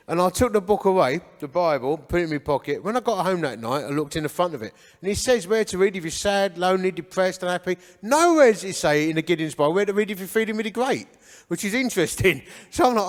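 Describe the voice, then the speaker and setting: A man's voice: high-pitched, expressive, quick pace, big-room sound. A man in his forties with an Essex accent, telling his life story to a church men's breakfast in an earnest, conversational storytelling way. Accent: Essex English. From Essex, England. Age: 40s. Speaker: men's ministry founder speaking at church breakfast. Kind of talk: testimony talk. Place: church hall.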